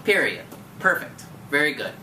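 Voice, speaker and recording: Low, lively woman teacher in an echoey room. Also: moderate pace. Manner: encouraging, patient, questioning. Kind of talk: one-on-one tutoring lesson. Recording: echoey room from far off, faint noise.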